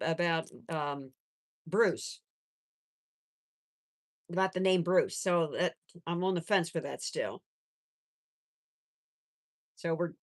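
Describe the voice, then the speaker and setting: A woman hosting a casual live stream from home on her phone, chatting with viewers and cooing at her pets. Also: on the low side. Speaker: pet channel host.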